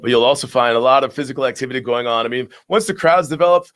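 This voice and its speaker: A man's voice: medium pitch, racing, fairly bright tone. Upbeat man hosting a live show. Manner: upbeat, chatty, laughs along. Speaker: show host.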